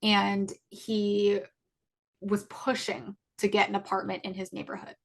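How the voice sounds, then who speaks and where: A woman's voice: mid-range voice, level tone, moderate pace. A woman in her twenties, a podcast co-host, candidly recounting a personal story in a conversational way with filler words and nervous laughs. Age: 20s.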